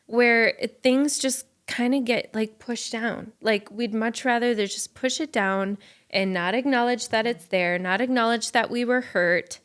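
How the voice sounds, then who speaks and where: A woman's voice: fairly high pitch, fairly even intonation, a little slow, fairly bright tone, clean tone. A woman from Minnesota co-hosting a podcast, explaining her ideas in an earnest, thoughtful way. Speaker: podcast co-host. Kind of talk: casual podcast chat.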